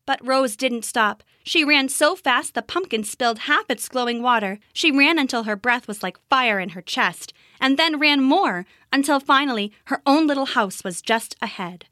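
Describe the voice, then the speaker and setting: A woman narrating a storybook in an expressive, measured way. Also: sits high, dry recording, studio quality. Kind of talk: storybook reading.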